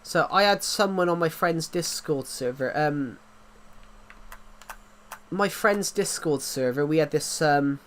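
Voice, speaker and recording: A man's voice: on the high side, takes it slowly, long pauses, fairly bright tone, a little hiss or hum. An English man chatting casually on a livestream, rambling with many restarts and fillers, his throat sore. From England. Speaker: livestream host.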